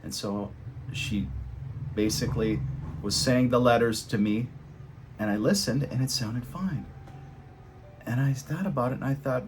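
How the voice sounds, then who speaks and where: Male English tutor, casual and animated, mid-pitched voice, faint guitar music underneath. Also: unhurried, pauses often. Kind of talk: casual teaching to camera.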